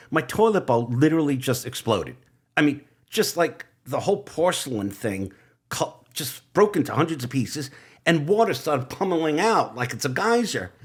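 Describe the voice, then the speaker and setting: An older man tells stories in a relaxed interview, his voice sitting at an ordinary middle pitch. He is animated, slips into quoted voices and asides, and laughs along with his own tales. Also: slightly rough. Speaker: guest, TV writer and producer. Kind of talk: relaxed storytelling in conversation.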